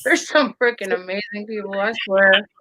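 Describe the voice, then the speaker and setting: A woman co-hosting a casual chat podcast, telling animated stories, swearing freely and acting out the people she quotes. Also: mid-range voice, normal speed, slight background noise, rough recording. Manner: animated storyteller, swears, acts out quotes loudly. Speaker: podcast co-host.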